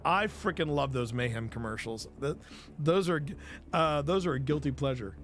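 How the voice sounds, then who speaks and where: A man's voice: fairly high pitch, normal speed. Chatty man hosting a live stream. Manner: rambling, self-interrupting, playful banter with chat. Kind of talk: casual live stream chat.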